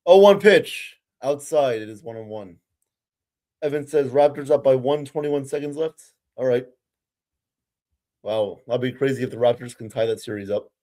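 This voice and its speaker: A man's voice: mid-range voice, expressive, normal speed, mellow. A young man doing amateur live play-by-play of a baseball game as a frustrated, ranting fan who curses now and then.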